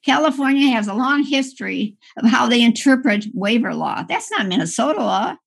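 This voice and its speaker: Woman lawyer arguing an appeal, fervent and stumbling, gravelly edge, somewhat high. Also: lively intonation. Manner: impassioned, halting with frequent restarts. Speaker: appellate attorney. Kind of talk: courtroom oral argument.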